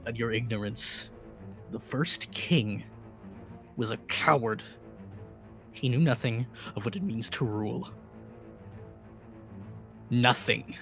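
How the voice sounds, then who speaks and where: Guy doing a mocking tyrant sea king, high bright voice, sneers then yells. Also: sing-song, takes it slowly, long pauses, faint music behind, full character voice. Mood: raging. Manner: sneering, swings into shouting rage.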